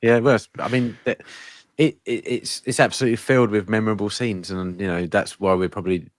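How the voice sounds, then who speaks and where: A man with a very low voice, chatting as a guest on a film podcast. He speaks in a relaxed, thoughtful way and lets his sentences trail off softly. The recording is dry and close. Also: a little fast, no room sound. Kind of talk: casual film-review chat.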